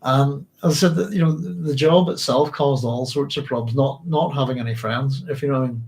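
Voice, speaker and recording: A middle-aged man from Northern Ireland whose accent blends Northern Irish and English sounds. He talks in a tired, reflective way to his audience, stopping and restarting his sentences often, at a mid-range pitch. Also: fairly even intonation, creaky, darkish tone. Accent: mixed Northern Irish and English. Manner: halting, many restarts and fillers, reflective. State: physically tired. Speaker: podcast host. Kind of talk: emotional personal storytelling to a live audience.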